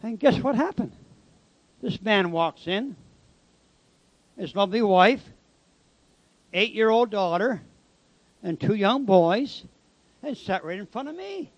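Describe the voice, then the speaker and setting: A man's voice: high-pitched, animated, unhurried, pauses often, dry recording. A man giving a preaching testimony as a former convict, telling his story in an emphatic, dramatic way.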